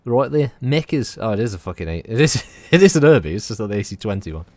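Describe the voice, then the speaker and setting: Guy streaming a game, swears a lot, jokey chat, bouncy animated voice, dry close sound. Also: fairly low pitch, fast talker, dry recording. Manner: sweary, joking, chatty to his viewers. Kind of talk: casual gameplay commentary.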